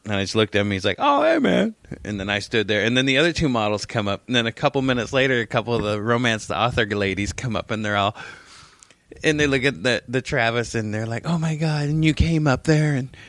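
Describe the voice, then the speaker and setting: A man's voice: medium pitch, fast, no room sound. A man co-hosting a podcast, telling stories casually, swearing often and acting out what others said. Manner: animated storytelling, swearing, mimics others. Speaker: podcast co-host. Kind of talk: casual chat.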